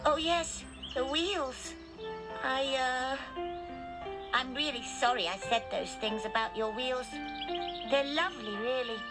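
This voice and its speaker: A woman's voice: sits high, slow, over loud music. A woman voicing a fretful little female duck in a children's cartoon, speaking in anxious questions. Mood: grateful. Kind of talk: children's TV voice acting.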